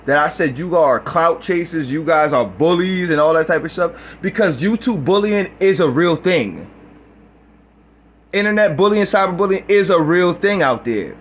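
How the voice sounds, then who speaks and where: A man's voice: sits high, slight background noise. A man recording a reaction video, ranting in a heated, profane way. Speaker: YouTuber.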